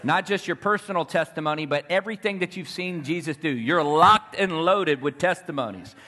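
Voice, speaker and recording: A man's voice: fairly high pitch, brisk, pushed and bright. A man preaching a fervent sermon, telling stories and calling to the crowd for responses.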